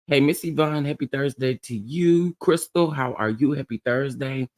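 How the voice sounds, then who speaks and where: A man hosting a casual live stream, chatting with viewers, greeting them by name and laughing often in a sassy, animated way. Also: medium pitch, moderate pace. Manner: sassy and chatty, calls people honey, child, baby. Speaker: livestream host.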